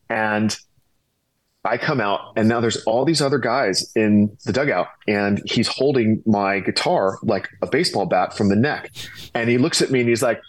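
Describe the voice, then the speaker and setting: A middle-aged man, a former pro ballplayer, telling a long anecdote as a guest, animated and rambling with restarts. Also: fairly low pitch, no room sound, low-quality recording.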